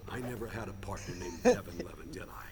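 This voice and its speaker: A man voicing a calm older cartoon man over loud music. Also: lowish voice, fast talker, close to an everyday voice. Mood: confessing. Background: loud score music.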